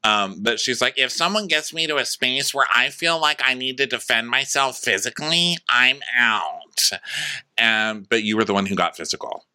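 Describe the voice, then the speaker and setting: A man's voice: medium pitch, moderate pace, pushed and bright, clear, resonant tone. A man co-hosting a podcast, recapping a reality show in casual chat and sarcastically mimicking the people in it. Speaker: podcast co-host.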